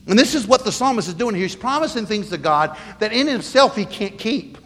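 A man's voice: high-pitched, animated, brisk, hardly any pauses, a bit bright. A middle-aged man, a pastor, preaching a sermon earnestly and with emphasis, often stumbling and restarting. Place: church sanctuary. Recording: long reverb of a large hall.

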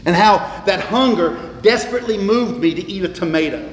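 A man preaching from the pulpit, his voice pitched high and carrying emphatic, repeated phrases. The sound rings with long reverb in a roomy church hall. Faint ambience stays in the background. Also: a little hiss or hum. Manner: emphatic preaching, repeats words, slows for stress. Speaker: pastor. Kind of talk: sermon.

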